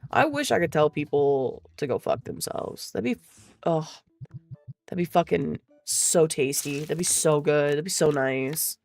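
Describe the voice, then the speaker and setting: Low, gravelly woman, slow-talking and expressive, swearing her way through a rant. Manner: profane, exasperated venting. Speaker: streamer. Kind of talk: casual chat.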